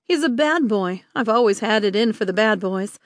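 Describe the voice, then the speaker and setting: A woman's voice: medium pitch, animated, moderate pace, no echo, clean studio sound, lightly acted. A woman narrator voicing a mischievous, flustered young witch who bursts into exasperated, whiny exclamations.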